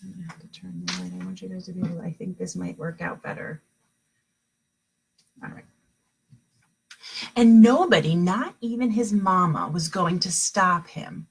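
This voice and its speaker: A woman's voice: fairly low pitch, creaky, breathy edge, rough recording. A woman teacher at home, reading a picture book aloud to young children and stopping to explain the pictures. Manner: expressive storybook reading, pausing to explain to children. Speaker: kindergarten teacher.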